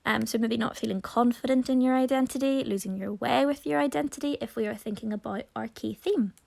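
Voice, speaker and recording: A woman's voice: a little high, a little fast, creaky, darkish tone. A woman teacher talking students through a poem in a recorded lesson, explaining and addressing them directly.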